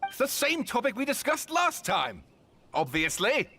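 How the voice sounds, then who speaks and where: A man's voice: very high-pitched, wildly swooping pitch, a little slow, background noise, full character voice. A man voicing a polite, eager young villager in a game.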